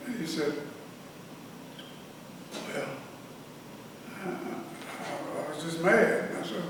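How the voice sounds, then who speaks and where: An older man telling a story in an oral history interview, halting and rambling with frequent restarts. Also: sits high, fairly bright tone. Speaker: interviewee, veteran and former prison director. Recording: echoey room, mic at a distance, faint hiss.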